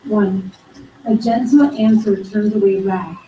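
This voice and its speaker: A woman at a Bible study reading scripture aloud in a steady, plain voice. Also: medium pitch, unhurried, a little hiss or hum. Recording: roomy, distant, faint background.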